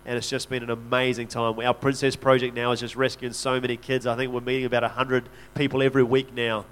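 A man's voice: mid-range voice, level tone, fast, fairly bright tone. A man speaking as a missionary in a church talk, telling stories earnestly and conversationally, often restarting his sentences. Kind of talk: church talk, personal storytelling.

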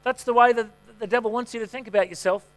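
A man's voice: very high voice, steady tone, quick pace. A middle-aged man, a pastor, preaching a sermon in a conversational way, telling stories that poke fun at himself. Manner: conversational, self-mocking storytelling.

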